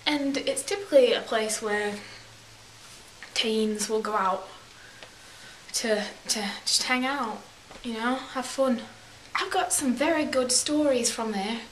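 Speaking slowly in a slightly high voice, this young woman rambles through her vlog stories with a fake English accent, stopping often to correct herself. It's chatty, casual storytelling, captured in an echoey room with a faint hiss underneath.

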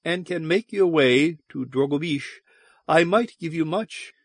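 A man voicing a seductive, mocking alien sorceress who speaks softly and playfully. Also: fairly high pitch, unhurried, no echo, pitched above the performer's own voice. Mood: teasing, soft. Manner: soft, purring, playful and cruel.

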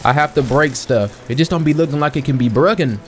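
A young man in casual let's-play commentary, excitable and slangy, talking to himself and his viewers while he plays, a little sniffly. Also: a little high, a little fast. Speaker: gaming channel host.

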